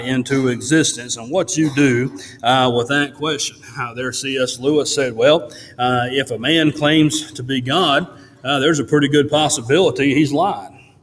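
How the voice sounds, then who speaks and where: A man preaching a sermon in a church, pausing often with "uh" between phrases. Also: medium pitch. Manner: halting, fills pauses with frequent "uh". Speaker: pastor. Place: church sanctuary. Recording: long church reverb.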